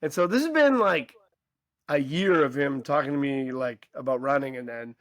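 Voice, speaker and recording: A man's voice: mid-range voice, moderate pace, no echo. A man hosting a podcast, telling a story in casual chat and acting out the people in it. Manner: animated anecdote teller, mimics voices in quotes. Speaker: podcast host.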